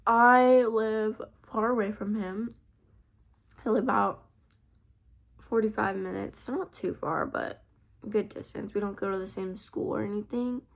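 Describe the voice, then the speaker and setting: A woman's voice: medium pitch, gravelly. A teenage girl telling a personal story in a confessional vlog, rambling and full of "like" and "I feel like". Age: teens. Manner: rambling, heavy use of "like" and "I feel like". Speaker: vlogger.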